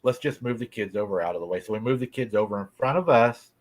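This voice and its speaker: A man's voice: on the low side, fast. A middle-aged man in a folksy, drawling way tells a casual story about a strange night by the lake. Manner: folksy, drawling, laughs often. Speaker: guest telling a cryptid encounter. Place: rural farm home.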